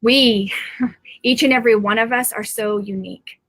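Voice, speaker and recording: A woman's voice: fairly high pitch, steady tone, normal speed, fairly bright tone, no room sound. A middle-aged woman, a psychic medium, talking to viewers from home in a rambling, earnest live-stream monologue.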